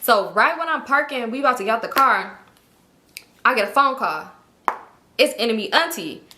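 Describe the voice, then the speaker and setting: A young woman telling a story to camera in a casual, slangy, animated way, acting out what people said. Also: on the high side, normal speed, noisy background. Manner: animated, slangy, acts out quotes. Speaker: storytime vlogger.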